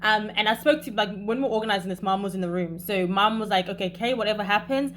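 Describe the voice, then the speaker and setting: A young woman vlogger telling a story in a casual, animated way, talking fast with bursts of emphasis. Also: medium pitch, slight background noise.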